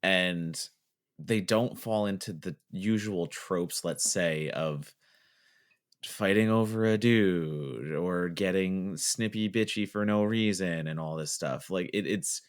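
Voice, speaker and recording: A man's voice: sits low, slow pace. A man co-hosting a podcast, talking in a rambling, casual way with lots of fillers. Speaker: podcast host.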